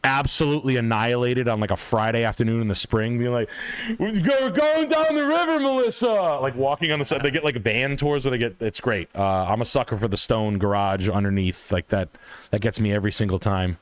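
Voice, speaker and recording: A man's voice: medium pitch, clean tone, no echo. A man, the guest home builder on a live stream, chatting casually with loose, joking, profane banter.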